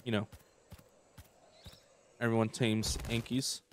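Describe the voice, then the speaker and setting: A man's voice: mid-range voice, little pitch movement, takes it slowly, slight background noise. A young man giving casual let's-play commentary, thinking aloud and hesitating often. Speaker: gameplay commentator.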